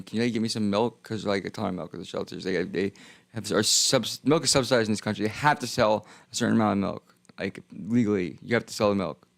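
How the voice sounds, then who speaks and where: A man telling a swearing, animated story on a stream, acting out the people in it. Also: creaky, no echo. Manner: swearing, animated, acts out dialogue with rising pitch. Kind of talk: casual storytelling rant.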